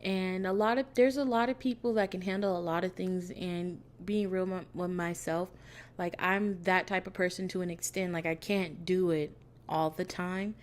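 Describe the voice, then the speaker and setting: A woman's voice: lowish voice, steady tone, normal speed. A young woman vlogger in casual, candid chat, a little out of breath, laughing now and then. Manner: chatty and candid, laughing often. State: a bit out of breath. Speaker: crochet vlogger.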